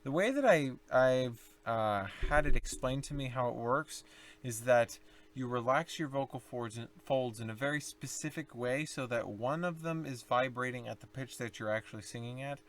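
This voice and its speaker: A young man explaining low singing techniques in a casual tutorial, rambling and self-correcting as he demonstrates growls and vocal fry. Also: moderate pace. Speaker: singing teacher.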